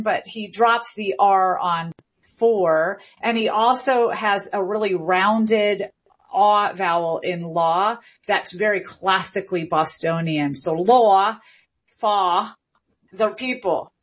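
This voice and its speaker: Middle-aged woman, linguist guest, husky and muffled, enthusiastic explainer. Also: mid-range voice, a little slow. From American South. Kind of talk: interview answers, explanatory. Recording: dull lo-fi audio.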